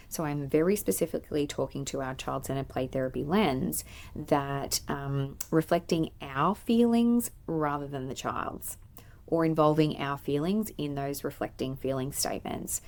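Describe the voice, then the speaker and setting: Low, gravelly woman teaching. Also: darkish tone. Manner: thoughtful, explanatory, many filler ums. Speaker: play therapist and podcast host. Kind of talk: teaching podcast monologue. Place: playroom.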